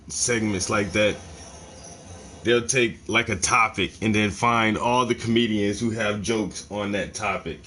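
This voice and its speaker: A man chatting casually on a livestream, relaxed and slangy, talking while he paints. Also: lowish voice. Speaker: streamer.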